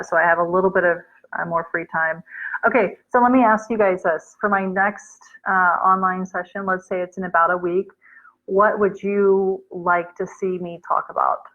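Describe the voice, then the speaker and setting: An American woman speaks casually on a livestream, reading viewer comments and answering them, often slipping in Urdu words. Her voice sits a little low, and the recording is somewhat muffled and lo-fi. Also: a bit bright. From United States. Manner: chatty, reads comments aloud, mixes in Urdu words.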